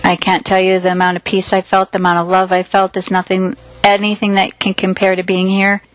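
A woman's voice: mid-range voice, completely flat delivery, fairly quick, faint music behind, low-quality recording. A woman earnestly retelling a personal experience in vivid detail, acting out what was said. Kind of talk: personal storytelling.

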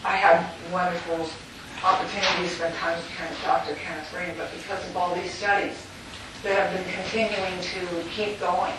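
A woman's voice: on the low side, flat delivery, normal speed. Woman telling an emotional story in an echoey room. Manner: emotional, candid, with laughter. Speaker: speaker sharing a near-death experience. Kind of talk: personal storytelling talk. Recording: very echoey, distant mic with noise.

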